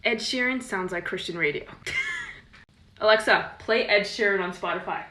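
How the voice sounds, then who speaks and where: A woman's voice: mid-range voice, normal speed, pushed and bright. A young woman telling a casual storytime to camera, chatty and wry with playful asides. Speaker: TikTok creator.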